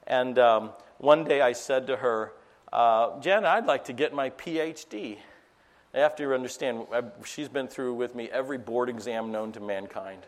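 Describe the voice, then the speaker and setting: A middle-aged man preaching a sermon to a live audience. He swings between loud, emphatic preaching and quiet, chatty storytelling asides. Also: medium pitch, normal speed, in a large hall. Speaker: pastor.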